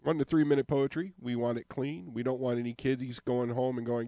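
Brief: male radio host, easygoing and jokey, mid-pitched voice, close and dry. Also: steady tone, a little fast, gravelly, warm tone, dry recording. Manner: jokey, upbeat, plain-spoken. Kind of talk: casual radio talk. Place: radio studio.

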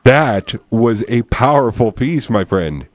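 A man's voice: medium pitch, animated, slow pace, dry recording. A man co-hosting a radio poetry show, chatting with callers in an upbeat way and reading his own rhymed poem.

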